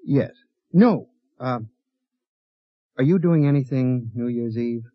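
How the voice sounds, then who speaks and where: An actor playing a hapless young lawyer who hesitates and gets flustered, in a muffled vintage radio drama recording. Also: male voice, mid-range voice, slow pace, no echo. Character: hapless young male lawyer, nervous and eager. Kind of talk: 1950s radio drama acting.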